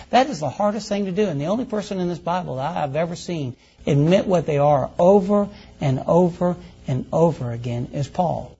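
A man's voice: fairly high pitch, mellow, husky, muffled recording. A man preaching a sermon in a folksy, conversational way, calling out to his congregation.

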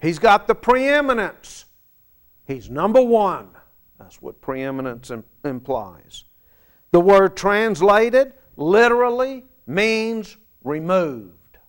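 A man preaching a sermon, asking the congregation rhetorical questions and dropping from emphatic lines to soft asides. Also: high voice, big pitch swings, slow pace, clear, resonant tone. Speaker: pastor.

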